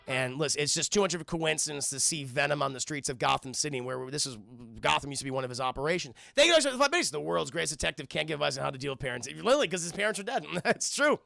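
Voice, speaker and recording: A man recaps a cartoon episode for his live chat, excitable and profane, jumping into the characters' lines. His voice is gravelly with lots of fry and a bright, forceful edge. It sounds dry and close to the mic. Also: a little high, rapid-fire, few pauses, no echo, soft background music. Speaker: cartoon reviewer streaming to chat.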